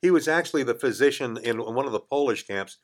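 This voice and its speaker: A man's voice: mid-range voice, quick pace. An older man, a guest in a radio studio, telling a story casually and acting out the voices of the people in it. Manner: animated, acts out quoted voices, chuckles mid-story. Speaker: podcast guest.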